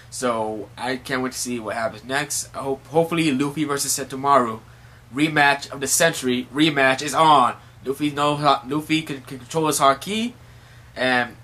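Casual male manga reviewer, bright tone, rambling with fillers. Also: medium pitch. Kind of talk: casual chapter recap.

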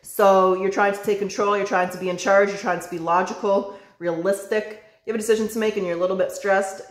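A woman's voice: medium pitch, flat delivery, brisk, hardly any pauses. A woman giving a casual tarot reading, chatty, calling the viewer baby and swearing now and then. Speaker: tarot reader. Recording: roomy echo.

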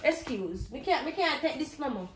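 A woman's voice: high-pitched, animated, normal speed. A woman with a Jamaican accent playing a stern, bossy grandmother who scolds her grandson in blunt patois during a spelling lesson. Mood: scolding. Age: older. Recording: roomy echo.

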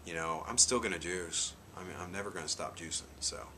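A man's voice: sits low, a little fast, pushed and bright, a little hiss or hum. A man in his forties talking casually to his vlog audience, telling a rambling story peppered with "you know". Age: 40s. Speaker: vlogger. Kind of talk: casual chat.

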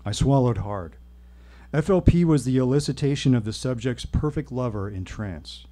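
A man telling a personal story at a live reading, with wry, deadpan humor. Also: mid-range voice. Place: stage at a live show.

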